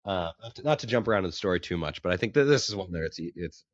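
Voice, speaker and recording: A man's voice: deep voice, expressive, fast, no echo, lo-fi sound. A man co-hosting a casual chat about comics, enthusiastic and often restarting his sentences. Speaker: podcast co-host.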